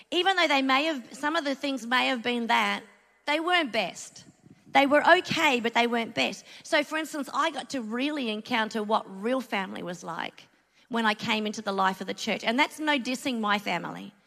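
A woman's voice: a little high, bright, forceful tone. A middle-aged Australian woman giving a sermon, telling a personal story in a chatty, earnest way with asides. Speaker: church speaker. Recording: long hall reverb.

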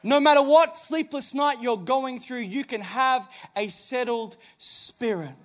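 A man's voice: extremely high pitch, unhurried. A man preaching a sermon as pastor on a church stage, emphatic, with many rhetorical questions.

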